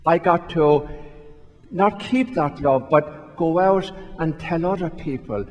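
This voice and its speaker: Speaking slowly in a slightly high, darkish voice, a priest tells a story during a sermon in a large church, questioning himself conversationally and going over the same points again. The audio is dull, with the long reverb of a church hall.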